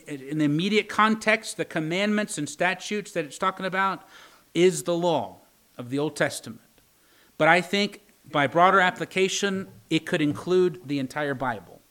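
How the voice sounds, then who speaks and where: Brief: male pastor, fairly high voice, sermon delivery, slow deliberate scripture reading, rhetorical questions, light teasing asides. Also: fairly bright tone. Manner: reads scripture slowly and deliberately, asks the congregation rhetorical questions.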